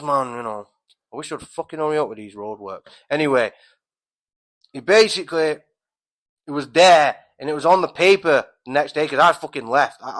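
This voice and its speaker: A man's voice: a little high, bright, forceful tone. A man hosting a podcast, telling a rambling story in a casual monologue with heavy swearing, lots of fillers and restarts. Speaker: podcast host.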